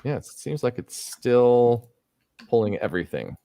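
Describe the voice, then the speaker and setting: A man's voice: mid-range voice, sing-song, a little slow, vocal fry, warm tone, no echo. A middle-aged man hosting a casual live stream, thinking aloud as he works, rambling with fillers. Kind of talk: casual livestream chat while working.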